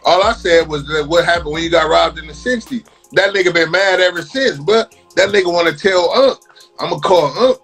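A man's voice: high voice, brisk, few pauses, fairly bright tone, soft background music. A man ranting on a livestream, heated, repetitive and mocking.

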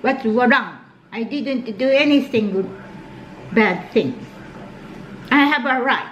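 Playful Japanese-accented woman, slow and lively. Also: a little high, slight background noise. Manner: playful, teasing, broken English. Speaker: host's wife. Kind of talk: casual chat. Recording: roomy, dull lo-fi sound.

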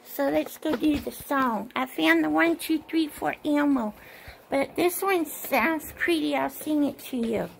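A woman making a casual video message, talking slowly and simply to a child. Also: sits high, gravelly, a little hiss or hum. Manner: slow, simple, sing-song talk to a child.

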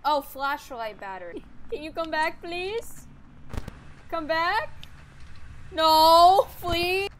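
A woman's voice: high voice, big pitch swings, slow, a bit bright, slight background noise, rough recording. A young adult woman streaming a horror game live, panicking, swearing and repeating herself under stress. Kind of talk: live gameplay reaction.

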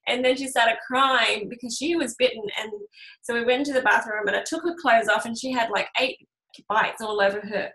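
A woman's voice: a little high, fairly even intonation, brisk, fairly bright tone, rough recording. A woman in her thirties hosting a casual essential oils class, telling stories with lots of laughs and fillers. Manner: chatty, laughing storyteller, many fillers. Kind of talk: casual talk to a group.

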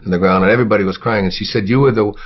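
An older man from Michigan telling childhood stories in an interview, halting with many fillers and restarts. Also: on the low side, fairly even intonation. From Michigan, USA. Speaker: interviewee, self-help author. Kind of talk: reflective storytelling. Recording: dull lo-fi interview recording.

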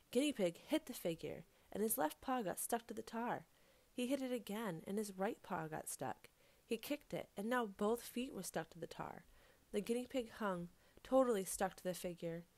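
A woman's voice: medium pitch, no room sound. A woman storyteller narrating a folk tale expressively, with rhythmic repetition. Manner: expressive, repeats phrases for rhythm.

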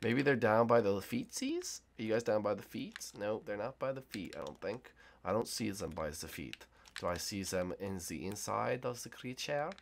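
A young man giving excited, teasing play-by-play commentary on a multiplayer game round, talking to players and viewers. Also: on the low side, normal speed, gravelly, slight background noise. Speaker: gaming YouTuber.

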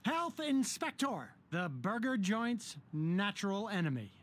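A performer voicing a stern, matter-of-fact health inspector in an animated sitcom. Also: mid-range voice, unhurried, loud music behind the voice. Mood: ominous.

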